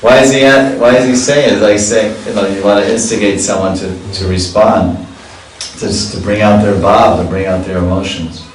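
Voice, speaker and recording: A man's voice: lowish voice, steady tone, normal speed, a little hiss or hum. A man teaching a scripture class. He reads verses and then explains them in a chatty way, with chuckles. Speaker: spiritual teacher. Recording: echoey hall, distant mic.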